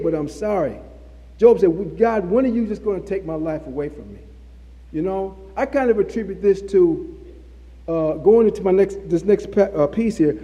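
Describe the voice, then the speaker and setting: A man delivers a sermon in a high but mellow voice, hammering his points through repetition. His words ring out with a long hall reverb around them. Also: highs cut off. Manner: repetitive, emphatic preaching with restarts. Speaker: preacher.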